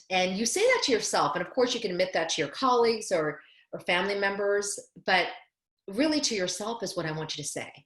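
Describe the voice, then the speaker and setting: A woman's voice: on the low side, reverberant. A middle-aged woman therapist explaining coping ideas in a webinar, earnest and explanatory, often restarting her phrases. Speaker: therapist giving a webinar talk. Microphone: video call.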